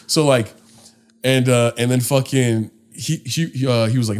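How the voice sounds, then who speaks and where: A man's voice: medium pitch, moderate pace. A young man, a podcast co-host, telling a casual story with lots of swearing and acted-out quotes, recorded at home. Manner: animated, swearing, acts out voices in his story.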